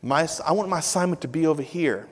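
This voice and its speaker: Animated middle-aged male pastor in a reverberant hall. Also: fairly high pitch, quick pace, husky. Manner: animated storyteller acting out dialogue, then earnest exhortation. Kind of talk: sermon with personal storytelling. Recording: long reverb of a large hall.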